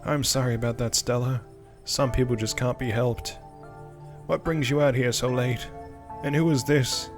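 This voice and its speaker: A man voicing a gracious, enigmatic middle-aged woman in a slow, motherly old-lady voice while reading game dialogue aloud. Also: mid-range voice, steady tone, over music, natural voice. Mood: genteel.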